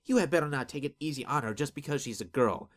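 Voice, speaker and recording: A man's voice: expressive, a little fast, natural voice. A man voicing a devoted young woman healer who sounds anxious yet determined. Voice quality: anxious, determined, higher-pitched.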